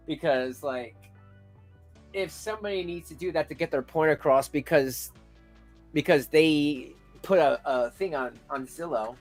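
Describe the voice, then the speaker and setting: A man's voice: a little high, unhurried, pauses often, faint music behind. Rambling man hosting a commentary stream. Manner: rambling, stammering restarts, calls out "folks", flares into loud rants. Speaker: YouTube commentary host. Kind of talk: casual commentary and ranting.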